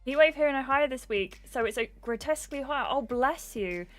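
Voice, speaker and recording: A woman's voice: high-pitched, fairly quick, soft background music. A young adult woman livestreaming a game, chatting casually and greeting viewers by name. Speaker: gaming livestreamer.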